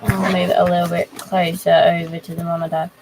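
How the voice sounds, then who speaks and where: A young woman chatting casually on a live stream, rambling and halting as she talks to her chat from a home computer setup. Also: lowish voice, little pitch movement, background noise.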